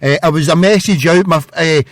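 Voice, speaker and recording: A man's voice: on the high side, brisk, no echo, clean studio sound. A man with a Scottish accent calling a radio phone-in, chatty, rambling and earnest. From Scotland. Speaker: caller.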